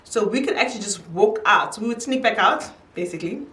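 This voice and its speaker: A woman's voice: medium pitch, animated, quick pace, fairly bright tone, far from the mic. Chatty young woman vlogger, echoey room. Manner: chatty, laughs easily, quotes her mom in a raised voice. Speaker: beauty vlogger. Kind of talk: casual storytime while doing makeup.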